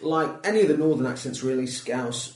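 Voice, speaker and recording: A man's voice: medium pitch, expressive, brisk, darkish tone. A man with a Manchester accent, a comedian chatting candidly as a podcast guest and swearing casually. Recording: echoey room, distant mic.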